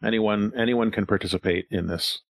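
A man's voice: on the low side, fairly even intonation, a little fast, dry recording. A man acting as game master, narrating a tabletop game in a rambling way with frequent fillers and chuckles. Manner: rambling, chuckling, thinks aloud with many fillers.

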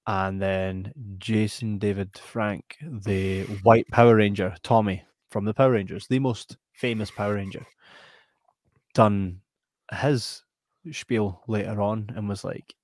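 A man with a Scottish accent hosting a podcast in casual chat, animated and laughing as he reads out viewer comments. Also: on the low side, slow pace, no echo, studio quality. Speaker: podcast host.

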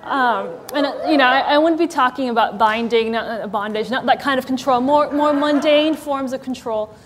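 A woman's voice: high voice, moderate pace, long reverb tail, faint music behind. A woman giving a casual conversational sermon as a church's executive director, chatty and wry, with frequent ums and likes. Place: church meeting hall with live audience.

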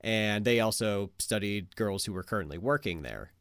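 Male podcast co-host, lively pitch, clean resonant voice. Loose, sweary, filler-heavy delivery. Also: moderate pace, clean tone, no room sound, studio quality. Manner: animated, loose, swears freely, many fillers. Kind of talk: casual podcast chat and story reading.

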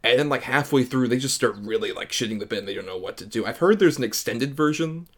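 Man, podcast co-host, talkative, mid-pitched voice, casual film chat. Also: animated. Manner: talkative, quick restarts, laughs often.

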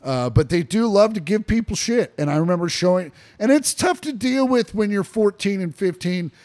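A young man chats casually as a podcast co-host, rambling through stories with fillers, restarts and plenty of swearing. His voice sits a little on the high side for a man. He talks from a living room. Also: animated, moderate pace, a little mellow.

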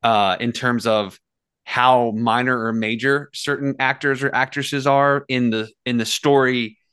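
A man's voice: mid-range voice, fairly even intonation, measured pace, fairly bright tone, smooth, no echo, studio quality. A man co-hosting a podcast, chatting casually and rambling with lots of hedging fillers. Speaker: podcast co-host. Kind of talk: casual chat.

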